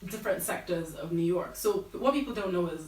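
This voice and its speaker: Her voice sits on the low side, a little mellow and a little fast, and she's expressive as she chats through her career story. She's an American woman in her thirties appearing as a guest fashion buyer, and she leans heavily on fillers such as "like" and "you know." The sound is roomy and distant.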